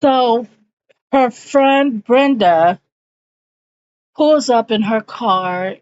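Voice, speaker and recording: A woman's voice: medium pitch, very slow, pauses often, a little mellow, slight background noise. A woman giving a chatty, slangy, casual recap of a TV episode. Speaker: show recapper. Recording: dull lo-fi recording.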